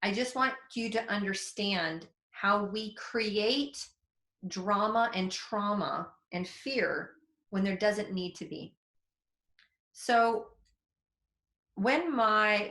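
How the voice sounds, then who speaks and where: In a reverberant webinar recording, a forties-aged psychic development teacher with a medium-pitched voice tells a story. Her style is relaxed, candid, and lively, with a bit of mild cursing.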